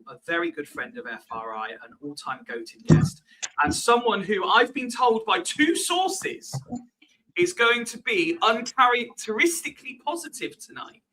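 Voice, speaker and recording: A man's voice: high-pitched, pushed and bright, rough recording. A man with a West Country accent hosting a casual live-streamed podcast, chatty and swearing freely, tripping over repeated words. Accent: West Country English. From Swindon, England. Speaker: podcast host.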